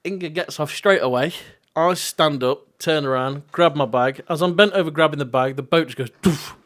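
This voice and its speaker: A young man, co-hosting a casual podcast and telling stories in an animated way, swearing freely as he goes. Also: fairly high pitch, moderate pace. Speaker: podcast co-host. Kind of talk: casual chat.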